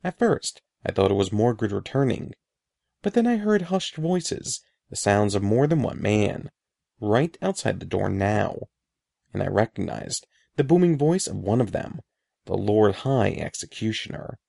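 A man's voice: on the low side, very animated, unhurried, vocal fry, dark tone, no room sound, clean studio sound. A man narrating a children's fantasy novel aloud as an audiobook, reading in a dramatic storytelling manner. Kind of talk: scripted narration.

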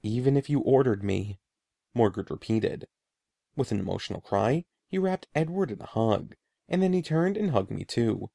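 A man reading a children's adventure story aloud in a measured storybook way, voicing the dialogue. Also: medium pitch, sing-song, vocal fry, dark tone, no echo, studio quality. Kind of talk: scripted narration.

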